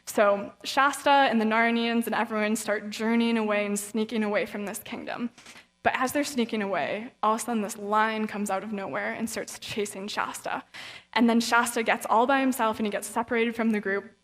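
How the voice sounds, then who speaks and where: Earnest woman guest speaker, warm-hearted faith talk, recorded in a reverberant hall. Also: a little high, fairly even intonation, moderate pace. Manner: earnest, encouraging, casually conversational. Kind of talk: inspirational faith talk with a read-aloud story. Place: event hall. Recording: long reverb of a large hall.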